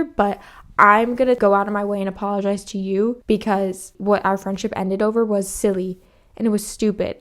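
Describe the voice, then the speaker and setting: A young woman hosting a solo podcast, talking frankly and confessionally, swearing freely and acting out past conversations. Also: medium pitch. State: slightly out of breath. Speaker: podcast host. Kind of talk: candid solo podcast monologue.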